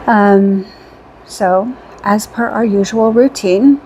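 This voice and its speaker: A woman vlogger tells a long weekend story in a loose, chatty way, full of ums and restarts. She acts out bits of what people said. Her voice sits at an average pitch, and faint noise runs behind it. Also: slow. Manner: chatty, rambling, with fillers; animated retelling with quoted dialogue. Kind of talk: casual storytelling recap.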